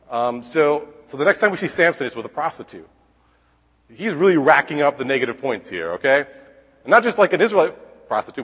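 Man teaching a Bible lesson in a hall. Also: mid-range voice. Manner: conversational, checks in with listeners with frequent "okay?"; wry asides while retelling and reading scripture aloud.

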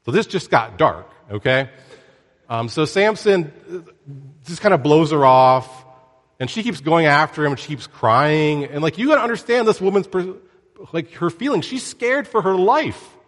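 A man giving a casual Bible lesson, conversational and joking, with lively asides to his listeners. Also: fairly high pitch, moderate pace, long reverb tail. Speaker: Bible teacher.

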